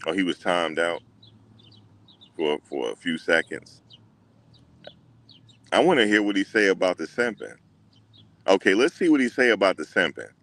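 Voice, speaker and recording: A man hosting a casual livestream, talking back to his chat in an animated way and repeating what others said. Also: low-pitched, normal speed, long pauses. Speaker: livestream host.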